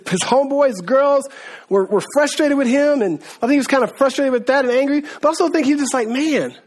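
A man with a high-pitched voice teaches from scripture in a loose, conversational sermon. He slips into slang, calls the room guys, and acts out the people in the story as he goes. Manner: informal, slangy, addresses listeners as guys; acts out voices of biblical figures. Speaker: preacher.

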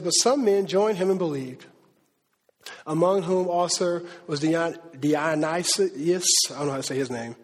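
Male pastor, high husky voice, lively conversational preaching, large reverberant hall. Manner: conversational, animated preaching with slang and acted quotes. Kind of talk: sermon. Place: church hall.

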